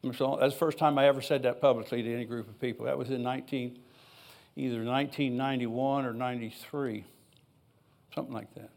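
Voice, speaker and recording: A man's voice: medium pitch, steady tone, fast talker, creaky, a little mellow. An older man preaching a sermon in a church, reading scripture aloud and rambling into personal asides in an easygoing, conversational way. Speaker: pastor.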